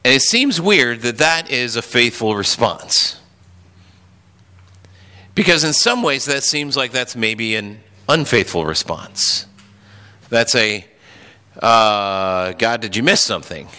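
A man's voice: mid-range voice, expressive, slow, long pauses, bright, forceful tone, clean tone. Man preaching in a reverberant hall. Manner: earnest, with many restarts and fillers. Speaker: pastor. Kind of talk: sermon.

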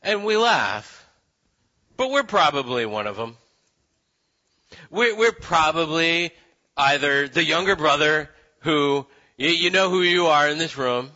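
A male preacher gives a loose, joking sermon to a room of listeners, acting out the characters as he goes. His voice is very bright and forward. The recording sounds a bit dull. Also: a little high, measured pace. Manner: animated, joking, acts out voices. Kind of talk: conversational sermon. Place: room with live audience.

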